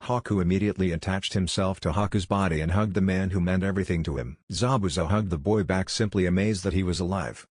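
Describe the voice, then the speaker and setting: A man narrating fan fiction aloud in a steady, even reading manner. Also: sits low, brisk, few pauses, no echo, studio quality.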